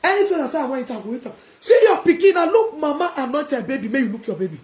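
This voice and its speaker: On a live video, a vlogger with a high voice and Nigerian Pidgin accent rants defiantly and casually, laughing and shouting as she goes. She's expressive and fast, and the room around her gives her voice an echo.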